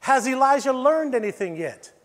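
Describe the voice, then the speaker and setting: A man with an American accent, his voice very high with big pitch swings at a normal speed, preaches a sermon as a pastor, moving from near-whispers to emphatic preaching. He is in a church sanctuary, and the recording carries the long reverb of a church hall.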